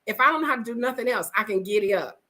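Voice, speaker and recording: A woman's voice: a little high, very fast, rough recording. A middle-aged woman vlogging, telling stories casually and frankly and acting out the people in them. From United States. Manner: animated, frank, acts out the people in her stories. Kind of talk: casual storytelling to camera.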